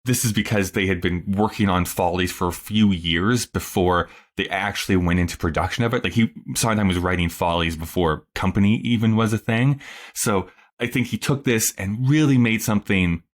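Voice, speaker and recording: A man's voice: on the low side, moderate pace. A young man hosting a podcast, musing casually with lots of fillers. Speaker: podcast host.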